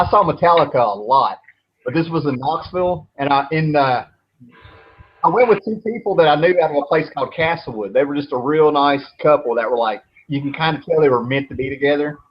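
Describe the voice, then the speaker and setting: A man's voice: fairly high pitch, fairly quick. Rambling man telling casual stories. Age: 30s. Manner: rambling, laid-back, swears freely. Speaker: show host. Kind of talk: casual storytelling chat. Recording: dull lo-fi with faint noise.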